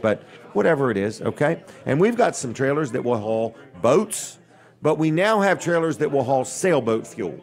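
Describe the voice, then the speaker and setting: An older man hosting a live radio and TV show from a busy restaurant, rambling casually between giveaways and sponsor plugs with dry jokes. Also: medium pitch. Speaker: host. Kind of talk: live on-location radio and TV talk.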